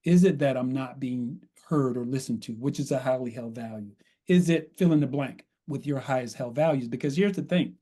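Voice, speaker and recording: Warm-voiced man explaining calmly. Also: mid-range voice. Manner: measured, repeats "right?", acts out sample dialogue. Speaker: consultant guest. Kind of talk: podcast interview, coaching explanation.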